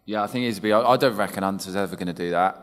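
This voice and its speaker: A young male actor on a convention panel, bantering and joking with fans. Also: low voice. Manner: jokey, quick banter. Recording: long hall reverb.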